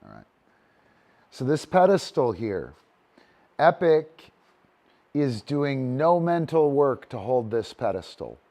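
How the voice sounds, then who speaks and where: A man's voice: mid-range voice, very animated, takes it slowly, pauses often, dark tone. A man teaching a casual online disc dog training session, talky and loose, breaking into cheery cues to his dog.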